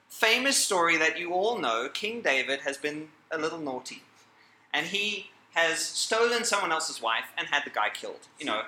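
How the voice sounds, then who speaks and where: Bright-voiced man lecturing in an echoey hall. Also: fairly high pitch, slight background noise. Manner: chatty, joking, self-interrupting, laughs at own jokes. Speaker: speaker giving a talk. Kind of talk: lively lecture to a live audience.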